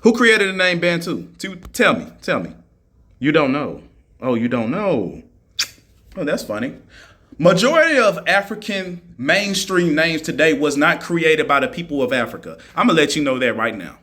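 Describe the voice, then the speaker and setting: A man's voice: on the high side, big pitch swings, moderate pace, bright, forceful tone. A man ranting on a live stream, mocking his listeners and firing the same rhetorical questions at them again and again. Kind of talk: argumentative live-stream rant.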